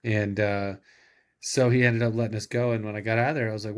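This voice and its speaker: Low-voiced man telling a story. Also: quick pace. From California, USA. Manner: animated anecdote-telling, acting out quoted dialogue. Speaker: podcast guest. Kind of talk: casual storytelling.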